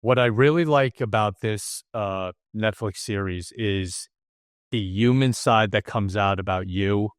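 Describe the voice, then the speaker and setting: A man's voice: lowish voice, no room sound, studio quality. A man hosting an interview, talking enthusiastically and rambling a bit. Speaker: podcast host. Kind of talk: casual interview chat.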